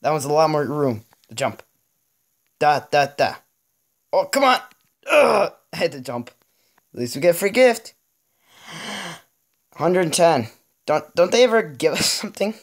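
A man's voice: fairly high pitch, moderate pace, pauses often. Chatty teen boy narrating his gameplay. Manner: chatty, jokey, narrates each move with little sound effects. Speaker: gaming channel host. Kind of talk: casual gameplay commentary.

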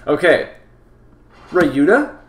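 Extremely slow and a little high, with big pitch swings, a streamer reads a game's text aloud and jokes between lines while talking to his chat. The recording echoes like a room, with faint game music and slight background noise.

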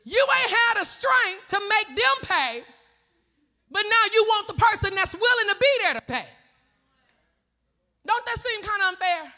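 High, bright-voiced woman pastor preaching. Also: expressive, unhurried, pauses often. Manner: impassioned preaching with call-outs to the congregation. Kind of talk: sermon. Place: church sanctuary.

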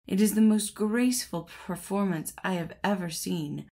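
A woman voicing a vain, boastful male shirt collar in a storybook, speaking with pompous, gushing flattery. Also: mid-range voice, moderate pace, close to an everyday voice.

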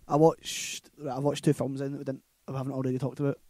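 A man's voice: mid-range voice, flat delivery, fast, dark tone, no room sound. Scottish man rambling through a film plot. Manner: rambling, laughing retelling full of "like" and "right?". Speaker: podcast co-host. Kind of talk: casual movie chat.

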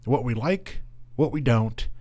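A young adult man hosts a laid-back podcast at an ordinary middle pitch. He tells stories in an easygoing way, pausing on fillers as he goes. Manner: relaxed storyteller, plenty of fillers. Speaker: podcast host. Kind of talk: casual chat.

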